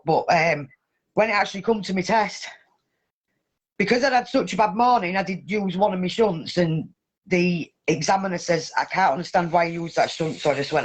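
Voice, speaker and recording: A woman hosting a casual chat, telling a story in an animated way and swearing heavily. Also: on the low side, fairly quick. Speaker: podcast host.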